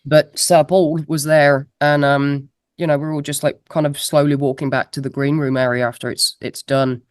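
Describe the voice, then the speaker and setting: A low-pitched woman speaks at a normal speed in a level tone, chatting as a guest musician in an interview and laughing at her own expense. She comes through a laptop mic on a video call, yet the recording sounds studio quality with no room sound.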